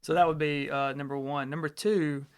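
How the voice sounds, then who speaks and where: A man's voice: fairly high pitch, fairly even intonation, normal speed, clear, resonant tone. A man co-hosting a podcast, chatting casually with playful teasing. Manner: playful teasing, laughs often. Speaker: podcast co-host. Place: lives in Alabama.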